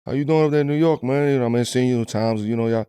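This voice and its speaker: A man's voice: medium pitch, fast talker, mellow, clear, resonant tone. A man hosting a podcast, telling a story in casual chat and laughing often. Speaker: podcast host.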